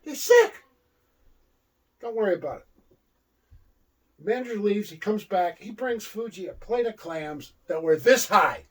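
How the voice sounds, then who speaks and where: Husky older man telling stories. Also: sits high, lively intonation, moderate pace, a bit bright, far from the mic, poor audio. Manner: rambling storyteller. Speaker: co-host. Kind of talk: casual chat.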